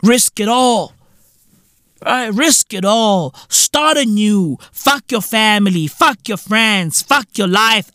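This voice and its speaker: A man's voice: high-pitched, expressive, slow pace, bright, forceful tone, no echo, clean studio sound. A man hosting a comedic solo podcast rant, profane and repetitive, full of "bruv" and "you feel me". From South Africa. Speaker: podcast host.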